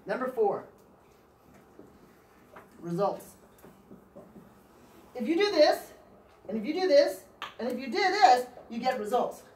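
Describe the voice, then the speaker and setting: Animated high-voiced woman leading a training. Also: slow, long pauses, a little hiss or hum. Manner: animated, playful, teasing, laughs often, call-and-response with audience. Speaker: sales team trainer. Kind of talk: motivational training talk. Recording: echoey room recording from a distance.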